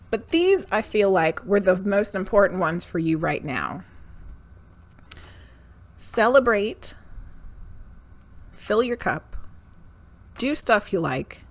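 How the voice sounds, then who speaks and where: A woman reading tarot cards live for her viewers, talking in a frank, profane way. Her delivery is slow and unhurried, but her pitch swings widely. She rants, then laughs at herself. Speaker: medium and tarot reader.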